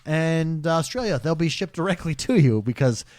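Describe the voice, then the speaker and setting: Podcast host guy reading out listener mail, jokey, bouncy pitch, close dry mic. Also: moderate pace, dry recording. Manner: joking, animated. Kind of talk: casual chat.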